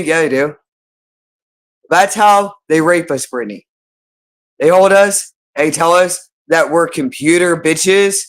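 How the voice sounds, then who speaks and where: A man's voice: a little high, a bit bright. A man with a slightly raised voice who speaks off the cuff on a livestream. He swears constantly and loops the same words in long, insistent runs. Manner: repeats phrases over and over, heavy swearing. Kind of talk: unscripted livestream monologue.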